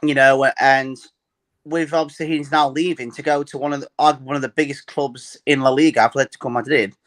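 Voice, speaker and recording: A man's voice: fairly high pitch, level tone, normal speed, a bit bright. A man as a guest on a fan chat call, rambling and restarting his sentences. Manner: rambling, restarts often, laughs easily.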